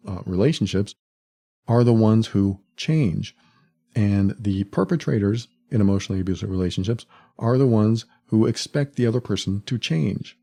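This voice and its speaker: A man hosting a solo podcast, speaking reflectively and acting out quoted lines with sudden jumps in pitch. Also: warm tone, slightly rough. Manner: laughs at the absurdity. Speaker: podcast host.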